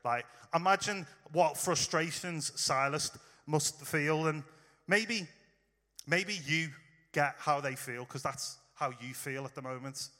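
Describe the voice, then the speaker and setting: A man's voice: fairly high pitch, slow pace, bright, forceful tone, big-room sound. A man preaching in a casual, storytelling way, talking straight to his listeners. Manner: informal, storytelling, direct address to listeners. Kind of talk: conversational sermon.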